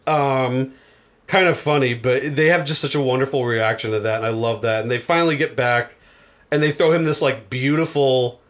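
A man's voice: mid-range voice, steady tone, moderate pace, fairly bright tone. A man co-hosting a casual podcast, rambling through a movie recap with lots of fillers and frequent laughter. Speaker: podcast co-host. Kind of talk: casual movie-discussion chat.

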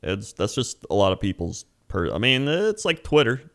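A man's voice: mid-range voice, normal speed. A man, a streamer, chatting casually and mimicking viewers in a raised voice. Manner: relaxed, mimics chat in raised voice. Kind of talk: casual chat.

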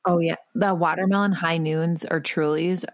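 A woman's voice: lowish voice, fairly even intonation, no echo, clean studio sound. A woman who is a mother, co-hosting a podcast and telling stories in a teasing, laughing way. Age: adult, a mother. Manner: storytelling, teasing, quick to laugh. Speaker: podcast co-host. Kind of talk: casual chat.

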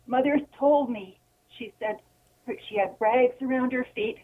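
Shaky upset lady caller, kinda high and breathy, phone line sound. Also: unhurried. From Ontario. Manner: impassioned, indignant. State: trembling, near tears. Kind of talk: call-in radio.

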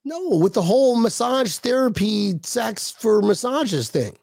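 A man co-hosting a casual sports podcast, excitable and jokey, slipping into mocking impressions. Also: sits high, a little slow, gravelly, no room sound, clean studio sound. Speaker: podcast co-host.

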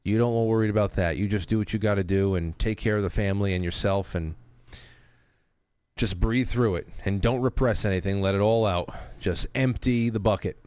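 A man's voice: fairly low pitch, normal speed, darkish tone, clear, resonant tone, no room sound. A man hosting a casual live talk show who reads out viewer messages and rambles with restarts and profane asides. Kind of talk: casual live-stream talk, reading super chats.

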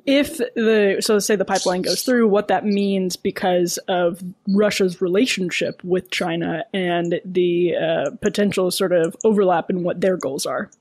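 A woman hosting a political podcast, putting measured, inquisitive questions to her guest. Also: lowish voice, steady tone, a little mellow, no room sound. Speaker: podcast host. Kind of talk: interview questions.

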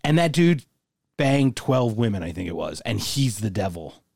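A man's voice: fairly low pitch, big pitch swings, normal speed, vocal fry, a little mellow, no echo, studio quality. A man co-hosting a casual podcast, talking crudely and acting out movie lines. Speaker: podcast co-host. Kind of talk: casual chat.

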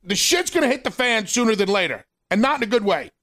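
A man's voice: high-pitched, sing-song, fast, bright, forceful tone. A man co-hosting a talk show, speaking passionately and emphatically in a ranting way. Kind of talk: casual chat.

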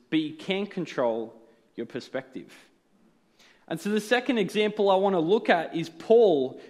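A man preaching a sermon with a slightly higher-pitched voice. He explains his points earnestly and works through rhetorical questions. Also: darkish tone.

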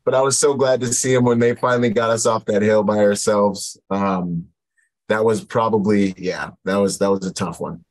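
A man, a military veteran guest on an interview show, telling war stories in a lively way, acting out what people said. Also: on the low side, moderate pace, low-quality recording. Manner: animated storyteller, acts out quotes loudly. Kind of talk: storytelling interview.

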